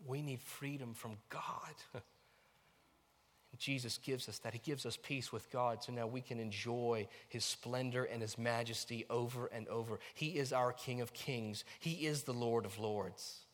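Animated preacher in a reverberant church. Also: male voice, medium pitch, unhurried. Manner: animated preaching, shifting from soft asides to loud emphatic lines. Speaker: pastor. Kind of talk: sermon. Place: church sanctuary.

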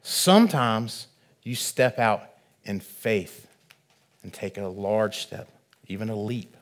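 A man preaching a sermon, measured and earnest, swelling louder on key phrases. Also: lowish voice.

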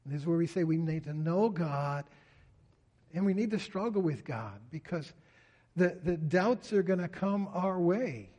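A man's voice: on the high side, animated, normal speed, a little mellow. A man preaching a sermon in an earnest way, often voicing a psalmist's pleas in prayer. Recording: reverberant hall.

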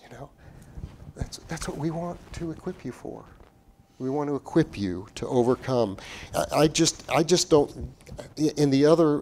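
A man's voice: mid-range voice, slight background noise. Earnest preaching man with surging emphasis. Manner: earnest, building to emphatic peaks then dropping to quiet; restarts and repeats phrases while preaching. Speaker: pastor. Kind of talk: sermon.

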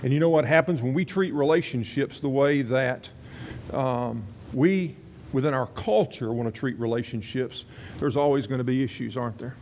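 A man's voice: medium pitch, normal speed, a little mellow, a little hiss or hum. Folksy male preacher telling a story. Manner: folksy, conversational, rambling asides. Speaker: pastor. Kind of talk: sermon with storytelling.

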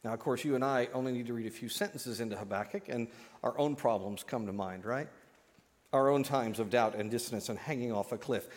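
A man's voice: mid-range voice, brisk, in a large hall. A man preaching a sermon as pastor, telling a joke with acted-out voices before turning to scripture. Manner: animated storytelling, acts out voices in a joke.

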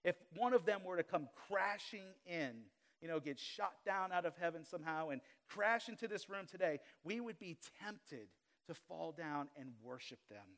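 A man from Louisiana preaching a live sermon as pastor to a congregation in a church, with dynamic swings between loud emphasis and quiet asides, and humorous confessional remarks. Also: high-pitched, lively intonation, normal speed, hardly any pauses. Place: church sanctuary before a congregation.

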